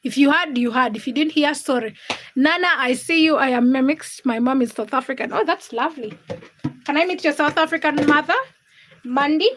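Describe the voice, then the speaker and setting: A woman's voice: sits high, normal speed, noisy background. A woman hosting a casual livestream from her home kitchen, reading viewer comments and teasing her chat while she cooks. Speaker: livestream host.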